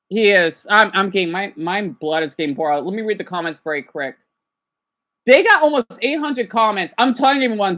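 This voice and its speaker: A woman ranting on a casual livestream. She is agitated, swinging between angry outbursts and hushed apologies. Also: a little high.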